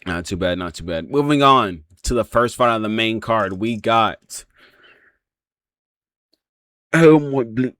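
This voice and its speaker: A man's voice: on the low side, normal speed, few pauses, pushed and bright, clear, resonant tone, dry recording. A man casually breaking down a fight, rambling with lots of fillers and frequent swearing. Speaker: MMA reaction channel host.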